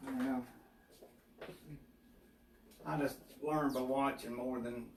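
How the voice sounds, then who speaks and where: A man's voice: mid-range voice, fairly even intonation, slow pace. A man with a Southern US accent giving an easygoing, step-by-step home cooking demonstration in his kitchen. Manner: folksy, easygoing, explains step by step. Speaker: home cook, co-host. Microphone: distant mic. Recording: echoey kitchen with far-off mic and faint hiss.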